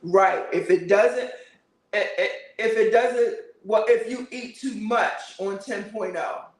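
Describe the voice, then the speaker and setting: Chatty guy with a high voice doing a casual live stream, echoey room. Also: takes it slowly, far from the mic. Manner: chatty, laughs often, answers viewer comments. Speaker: livestream host. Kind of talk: casual livestream chat. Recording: roomy, a bit off-mic.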